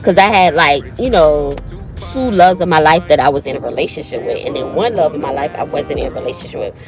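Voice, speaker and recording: Low-voiced chatty woman with a cold. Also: animated, fast talker, over music. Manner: chatty, addresses viewers as y'all and honey. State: has a cold. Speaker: vlogger. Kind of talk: casual storytime chat.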